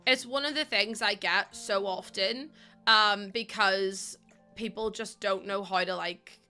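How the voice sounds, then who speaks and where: Fast-talking woman, bright voice. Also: medium pitch, smooth, faint music behind. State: under the weather, a bit run down. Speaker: streamer. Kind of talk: casual live-stream chat while playing a game.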